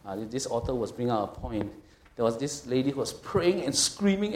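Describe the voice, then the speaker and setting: A middle-aged man delivers a sermon with an emphatic, conversational manner, often pausing to check that his listeners follow. His voice sits at an ordinary middle pitch. The room around him is echoey, like a church hall. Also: big pitch swings, darkish tone. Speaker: pastor.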